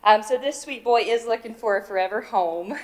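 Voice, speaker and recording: A woman's voice: a little high, normal speed, low-quality recording. A woman, an animal services director, giving a chatty, upbeat presentation full of fillers at a county commission meeting.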